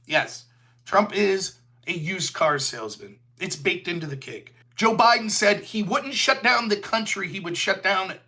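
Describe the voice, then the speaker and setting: Sarcastic man with a bright, lively voice. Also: high voice, a little slow. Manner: sarcastic, heated, slips into mocking voices. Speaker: political commentary show host. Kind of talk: livestream political commentary.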